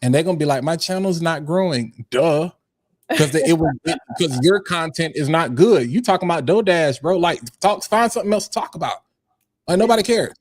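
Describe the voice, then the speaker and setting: A man's voice: on the high side, animated, brisk, no echo. A man on a business panel, talking in a blunt, slangy, opinionated way. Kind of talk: casual panel discussion.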